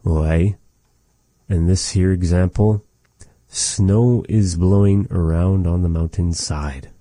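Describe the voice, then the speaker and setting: A man teaching a vocabulary lesson, slowly repeating each word with folksy, patient asides. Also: sits low, fairly even intonation, mellow, dry recording. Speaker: language teacher.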